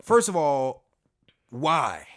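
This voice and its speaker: A man co-hosting a casual podcast chat, telling stories in an animated, slangy way with plenty of cursing. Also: fairly high pitch, extremely slow. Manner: profane, animated, slangy storytelling. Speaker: podcast co-host.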